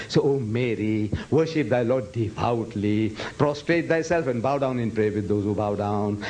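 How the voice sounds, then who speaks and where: A man's voice: medium pitch, normal speed, hardly any pauses, darkish tone, low-quality recording. A man giving a public lecture to students. He speaks emphatically, repeats phrases for effect and breaks into Arabic recitation. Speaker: Islamic lecturer.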